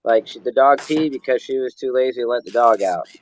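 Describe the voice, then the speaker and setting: A man's voice: medium pitch, fairly quick, poor audio. A man in a casual chat, telling a rambling story in an easygoing way.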